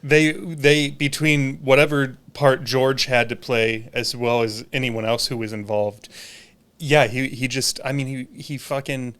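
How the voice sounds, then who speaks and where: Man, podcast guest, casual chat, animated storyteller, laughs a lot, mid-pitched voice. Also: a little slow, clear, resonant tone. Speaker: musician guest.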